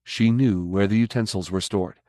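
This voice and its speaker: A man narrating a science fiction audiobook in a measured, even way. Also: on the low side, no echo, studio quality. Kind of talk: scripted narration.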